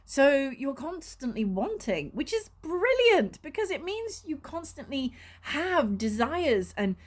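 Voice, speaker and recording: Woman vlogger, fiery and emotional, high bright voice, swears and laughs a lot. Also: big pitch swings, takes it slowly. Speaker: spiritual coach and vlogger. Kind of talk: casual vlog talk to camera.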